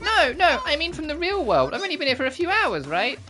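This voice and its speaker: A woman voicing a timid, high-voiced young girl who carries a gun, speaking in a pleading, eager-to-please way. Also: wildly swooping pitch, a little fast, music in the background. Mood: anxious.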